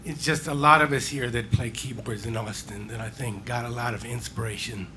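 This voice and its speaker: A man, a keyboard player, giving a halting, soft-spoken tribute on a small pub stage. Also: mid-range voice, steady tone. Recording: noisy live bar recording.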